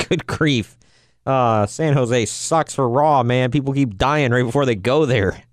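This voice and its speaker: A man's voice: mid-range voice, unhurried, dry recording, studio quality. A man co-hosting a podcast in casual chat, jokey and teasing, laughing often. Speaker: podcast co-host.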